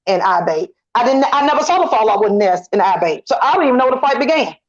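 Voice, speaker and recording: A woman's voice: on the high side, animated, fast. A middle-aged woman guesting on a casual online commentary chat, talking emphatically and repeating her points as she vents. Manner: emphatic, repetitive, indignant venting. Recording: lo-fi dull audio.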